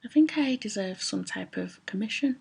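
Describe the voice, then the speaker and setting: A woman's voice: mid-range voice, lively intonation, normal speed, gravelly, slightly rough. A woman vlogging in a chatty, rambling, self-mocking way about favourite products. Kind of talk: casual chat to camera.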